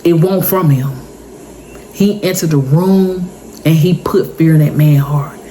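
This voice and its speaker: A woman's voice: low-pitched, a little slow, mellow, a little hiss or hum, poor audio. A woman in her thirties, telling an intense personal story for her vlog in an emotional, repetitive way. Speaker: vlogger. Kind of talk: story time monologue.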